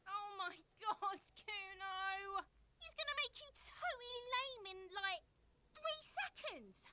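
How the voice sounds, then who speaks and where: A woman's voice: very high-pitched, animated, takes it slowly, sharp tone, full character voice. A woman voicing a scornful, whiny teenage girl in a video game. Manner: whining, sneering.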